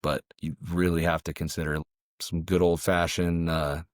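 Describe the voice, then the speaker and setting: Man, very low voice, martial arts coach and dad, lively storyteller, dry close mic. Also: normal speed, dry recording. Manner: animated storyteller, tags lines with "right?". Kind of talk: storytelling podcast interview.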